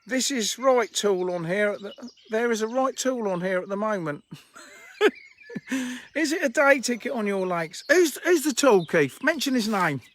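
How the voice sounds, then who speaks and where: Fishery owner on a live stream: man, high voice, jokey and teasing, chatting outdoors by the lakes. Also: expressive, moderate pace, a bit bright. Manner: joking, teasing banter with viewers. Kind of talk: casual live-stream chat.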